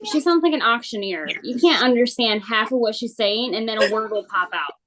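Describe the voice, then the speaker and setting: High, lively laughing woman. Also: a little fast, low-quality recording. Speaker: guest on a sewing stream. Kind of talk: casual chat. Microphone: video call.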